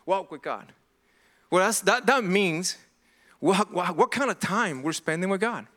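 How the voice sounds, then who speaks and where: A man's voice: sits high, normal speed, fairly bright tone. A middle-aged man preaching a sermon as pastor, earnest and impassioned, often restarting and repeating himself.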